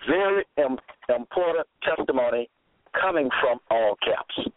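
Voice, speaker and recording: Slow, tinny radio preacher man. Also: medium pitch, lively intonation, dry recording. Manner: slow, emphatic, repeats phrases. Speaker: radio Bible program host. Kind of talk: slow deliberate radio Bible lecture. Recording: tinny phone-like dry audio.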